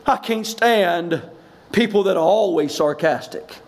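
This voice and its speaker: A man's voice: high-pitched, a little slow. A man preaching a sermon as pastor of a church, often raising his voice for emphasis and acting out quoted lines.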